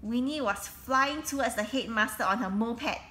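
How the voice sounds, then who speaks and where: A woman reading a children's book aloud, pausing to explain the story in simple words with frequent restarts. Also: fairly high pitch, pushed and bright. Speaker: reader.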